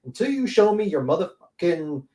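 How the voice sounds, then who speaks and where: High-voiced man ranting in a roomy echo. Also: very animated, normal speed, warm tone. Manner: profane, ranting, sarcastic. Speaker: panel host. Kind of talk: livestream panel rant.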